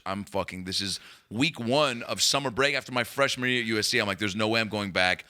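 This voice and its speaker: A man on a podcast telling a long story as a comedian guest, animated and profane, rambling with restarts. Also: fairly low pitch, fairly quick, few pauses, smooth.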